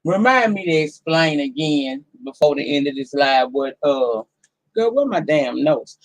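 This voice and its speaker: Her deep voice rasped by a cold, a woman in her forties runs a relaxed live stream from home. She's expressive and unhurried, addressing viewers head-on in a sassy, foul-mouthed way.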